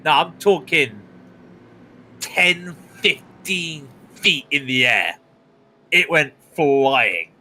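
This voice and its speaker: A man from Britain calling a sim race live, chatty and excitable, his voice rising on the big moments. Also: on the high side, drawn-out words. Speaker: sim racing commentator. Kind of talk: live esports race commentary.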